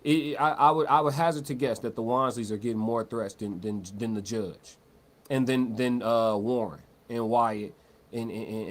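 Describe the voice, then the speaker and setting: Slangy male livestream commentator, talks loose. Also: medium pitch. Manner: loose, conversational, repeats words and restarts, slangy. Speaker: livestream host. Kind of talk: live-stream commentary, reading chat.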